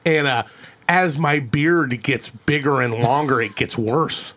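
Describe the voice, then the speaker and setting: A man's voice: mid-range voice, slow, a bit bright. A man hosting a podcast in casual chat, rambling and swearing, often breaking into laughter. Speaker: podcast host. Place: small room around a table.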